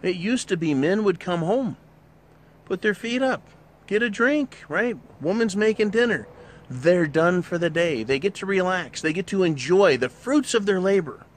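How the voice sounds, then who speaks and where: A man's voice: sits high, expressive, moderate pace. A middle-aged man hosting his own show, delivering a blunt, profanity-laced monologue in a ranting manner. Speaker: show host. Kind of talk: opinionated monologue.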